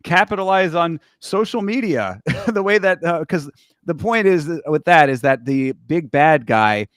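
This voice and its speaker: A young man co-hosting a podcast, talking through a series in measured casual chat with many restarts. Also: fairly high pitch, expressive, dry recording, studio quality. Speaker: podcast co-host. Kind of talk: casual show recap chat.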